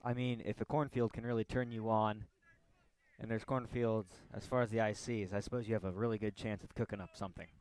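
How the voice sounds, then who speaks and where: Young male sidekick commentator, lowish voice, quick deadpan quips, close dry sound. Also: no echo. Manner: dry, wisecracking asides. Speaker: student color commentator. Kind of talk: amateur sports commentary.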